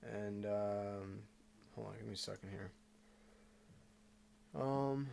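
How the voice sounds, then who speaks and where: A man's voice: lowish voice, slow, vocal fry, a little mellow, a little hiss or hum. A young man vlogging casually about guitars, rambling with lots of fillers and restarts. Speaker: musician vlogger. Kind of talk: casual vlog talk.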